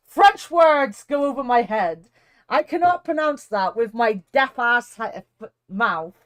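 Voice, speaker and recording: A woman's voice: on the high side, expressive, takes it slowly, fairly bright tone. Self-mocking woman streamer. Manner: self-mocking, laughing at her own slips. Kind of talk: casual game commentary. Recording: game music behind voice.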